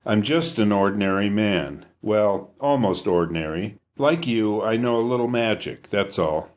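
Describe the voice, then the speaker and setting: A man's voice: on the low side, animated, normal speed, natural voice. A man doing a coaxing British biker. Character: charming British male biker, friendly, persistent.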